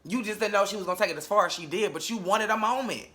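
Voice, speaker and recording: Young male reviewer, sassy and blunt, very bright and fairly high voice. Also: racing. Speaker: reality TV reviewer. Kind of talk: casual episode review.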